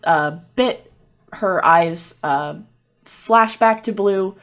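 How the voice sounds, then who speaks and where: A woman narrating a tabletop role-playing game as game master, in a soft, hesitant way. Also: mid-range voice, extremely slow.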